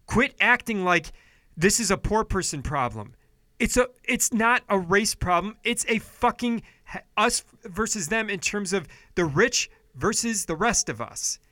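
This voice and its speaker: A fired-up male podcast host with a bright, forceful voice who swears freely. He rails at his listeners, then pulls back to a calmer, apologetic tone. The sound is close and dry, with no room around it. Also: high-pitched, measured pace, no room sound. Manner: heated, profane, swings between yelling and apologetic quiet. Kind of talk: ranting political commentary podcast.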